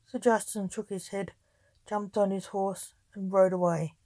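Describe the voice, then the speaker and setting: A woman reading a story aloud in a slow, measured storybook narration. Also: medium pitch, fairly even intonation, warm tone, no room sound, low-quality recording.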